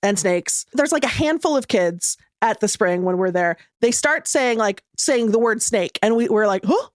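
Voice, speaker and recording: A woman with a fairly high voice, co-hosting a casual podcast chat. She tells stories in an animated way and laughs often. Her voice is recorded close and dry in a studio. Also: normal speed, dry recording. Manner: animated storyteller who laughs while telling. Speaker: podcast co-host.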